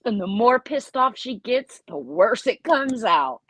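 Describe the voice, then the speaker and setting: A woman's voice: on the high side, very animated, measured pace, a bit bright, breathy edge, no echo. A woman in her forties talking bluntly and jokingly in a casual group chat. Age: 40s. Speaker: panelist.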